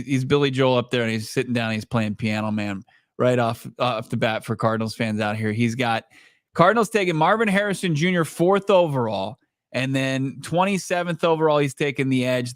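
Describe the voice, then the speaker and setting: A man's voice: medium pitch, dry recording, studio quality. A man co-hosting a casual sports podcast, joking and teasing his partner, laughing often. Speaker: podcast co-host.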